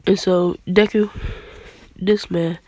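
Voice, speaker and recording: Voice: mid-range voice, fairly even intonation, takes it slowly, a little mellow, no room sound. A young adult with a congested voice, rambling through an improvised fan story in slangy casual talk. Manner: rambling, slangy, often breaking into laughter.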